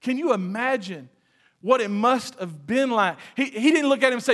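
A man's voice: very high voice, moderate pace. A man with a Texan accent preaching a sermon, telling stories animatedly and acting out quoted lines with humor. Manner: animated storytelling, acts out quotes, jokes with the congregation. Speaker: pastor. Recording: reverberant hall.

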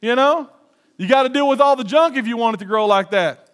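A man's voice: very high voice, brisk, a bit bright, clean tone. A male pastor preaching a sermon in a conversational, humorous way, often laughing at his own jokes.

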